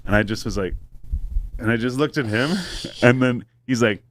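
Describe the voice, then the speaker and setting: A man's voice: mid-range voice, normal speed. A man telling a long story in casual podcast chat, rambling and swearing, with many fillers.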